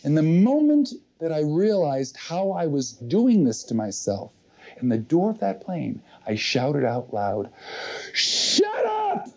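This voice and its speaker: A man's voice: fairly high pitch, sing-song, a little slow, gravelly, mellow. A man leading a motivational seminar, telling a personal story in an earnest way and speaking directly to a live audience. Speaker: seminar leader.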